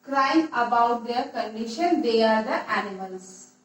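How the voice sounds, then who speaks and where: A woman teacher, slowly explaining a poem to a class and repeating her points. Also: fairly high pitch, animated. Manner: slow, repetitive explaining with restarts. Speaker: English teacher. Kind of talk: classroom poetry lesson. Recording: echoey room, voice far from mic.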